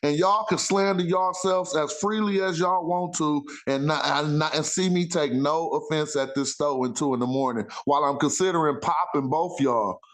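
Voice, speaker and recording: A man's voice: on the high side, normal speed, hardly any pauses. A man hosting a casual talk show, rambling in loose street slang with frequent self-interruptions. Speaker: podcast host. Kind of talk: casual chat.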